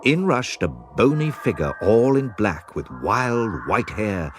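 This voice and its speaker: A man narrating a children's storybook in an expressive, measured way. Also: fairly low pitch, noisy background. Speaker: audiobook narrator.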